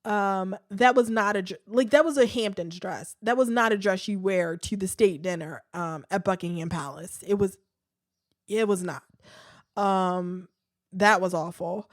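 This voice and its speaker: A woman's voice: medium pitch, a little slow, no room sound, clean studio sound. A woman hosting a podcast, talking in a chatty, candid way with many fillers, sighs and restarts. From United States. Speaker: podcast host. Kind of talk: casual podcast commentary.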